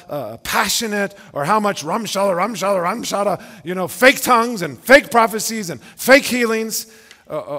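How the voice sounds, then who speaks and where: High-voiced preacher man in a reverberant hall. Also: sharp tone. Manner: emphatic, rhetorical questions, repeats words while building points. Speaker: pastor. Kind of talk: sermon. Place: church sanctuary. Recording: long church-hall reverb.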